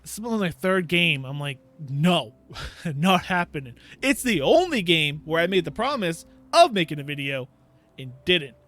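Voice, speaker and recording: A man's voice: a little high, sing-song, moderate pace, fairly bright tone. A man, a gaming YouTuber, ranting casually about a bad game, laughing in disbelief and acting out his own reactions. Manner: exasperated, laughing storyteller who acts out his own reactions.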